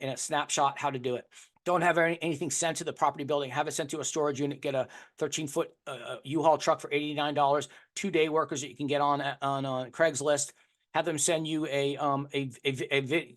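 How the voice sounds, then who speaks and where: A man teaching an online course in an unscripted, energetic way, often repeating words and restarting sentences. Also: fairly high pitch. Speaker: course instructor.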